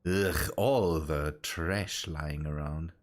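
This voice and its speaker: A man streaming a building game, chatting casually with teammates and often restarting his sentences as he plays. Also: a bass voice. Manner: halting, restarts phrases while busy. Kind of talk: casual gaming chat.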